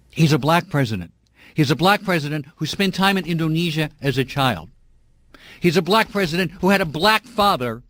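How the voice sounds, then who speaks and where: A man's voice: high voice, a bit bright, dry recording, clean studio sound. A middle-aged man hosting a call-in radio talk show, talking in a heated, emphatic, indignant way.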